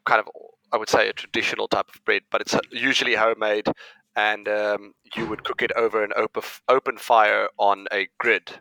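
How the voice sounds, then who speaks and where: A man from South Africa, a guest, explaining a traditional bread in a relaxed way. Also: fairly low pitch, fairly quick, gravelly, poor audio. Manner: relaxed explaining, laughs easily. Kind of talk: casual explanation.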